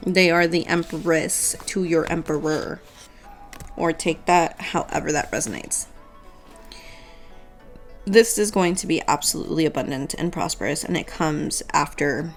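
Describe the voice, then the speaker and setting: A woman's voice: low-pitched, vocal fry. A woman giving a casual tarot reading, playful and swearing freely, often breaking into laughter. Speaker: tarot reader.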